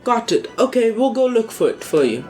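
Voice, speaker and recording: A woman's voice: fairly high pitch, very animated, brisk, warm tone, soft background music. A woman hosting a gameplay video, playful and giggly as she reads character lines aloud. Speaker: host. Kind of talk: casual gameplay commentary.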